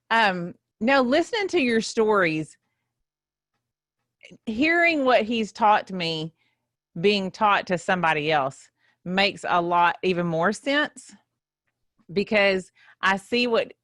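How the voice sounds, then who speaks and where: A woman's voice: mid-range voice, a bit bright, no echo. A woman, chatting casually as a guest in the host's chair in a podcast studio. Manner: chatty, laughing, self-conscious, Southern "y'all" talk. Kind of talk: casual chat.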